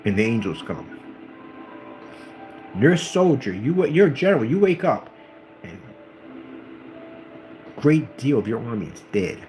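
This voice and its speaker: A man's voice: medium pitch, sing-song, unhurried, long pauses, darkish tone, faint music behind, poor audio. A man giving an informal religious talk, emphatic and preachy, acting out the people in the stories he tells. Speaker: channel host.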